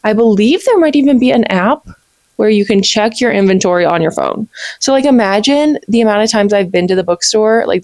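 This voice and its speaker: A woman's voice: medium pitch, creaky, a little mellow, dry recording. A woman, chatting eagerly to camera as a book vlogger, gushing and peppered with "like". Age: 20s. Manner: bubbly and gushing, many "like"s. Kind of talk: casual chat to camera.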